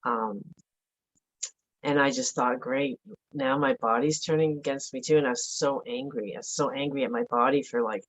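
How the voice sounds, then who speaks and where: A middle-aged woman giving a halting, emotional personal account as an interview guest, with many fillers and restarts. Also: a bass voice, rough recording. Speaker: interview guest, bereaved mother.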